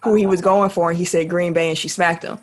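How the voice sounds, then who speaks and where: A man hosting a casual podcast, running the segments and reading out shout-outs in relaxed chat. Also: high-pitched, fast. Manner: steers the show, reads shout-outs and segments. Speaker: podcast host.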